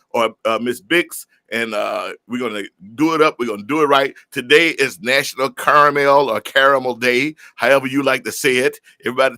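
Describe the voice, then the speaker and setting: A man hosting a live music stream in a relaxed chat, greeting viewers by name and talking in easygoing slang. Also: a little high, dry recording. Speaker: host of a live music show.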